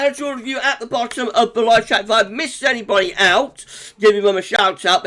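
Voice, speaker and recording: A man with a notably high voice hosts a casual weather livestream. He talks into a desk mic in a chatty, upbeat way, greeting viewers by name in quick bursts. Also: fairly bright tone. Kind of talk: casual live-stream chat, reading out viewer comments.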